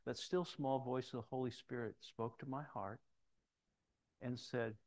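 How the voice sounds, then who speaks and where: His mid-range voice has a darkish tone, fairly even intonation, and an unhurried pace. The middle-aged man is delivering a sermon full of personal anecdotes, voicing the people he quotes.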